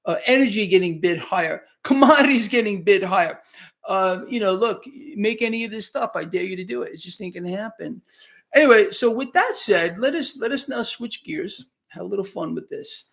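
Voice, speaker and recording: He's a market commentary host answering viewers' questions during a live wrap-up stream, emphatic, sarcastic and conversational. The high, fairly bright voice has lively intonation, vocal fry and a slightly fast pace, captured on a new microphone.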